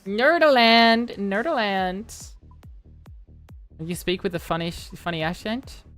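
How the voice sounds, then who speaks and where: A young woman talks to her stream chat in a loose, playful ramble. She jumps from topic to topic and jokes at her own expense, while soft music plays quietly behind her. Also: fairly low pitch, fairly even intonation, brisk. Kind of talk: casual live-stream chat. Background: faint music.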